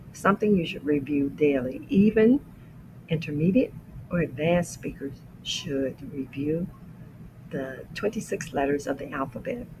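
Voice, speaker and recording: A man teaching the letters of the alphabet as an English lesson, saying each letter slowly and explaining how the mouth shapes it. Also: a little high, background noise. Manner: careful, deliberate letter-by-letter demonstration. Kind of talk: slow pronunciation lesson.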